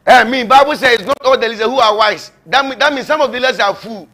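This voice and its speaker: A bright, high-pitched male preacher addresses his viewers in a loose, rambling sermon. He mocks, laughs often and hammers points home by repeating them. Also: fast. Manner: mocking, laughing, emphatic; repetitive, rambling. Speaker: prophet.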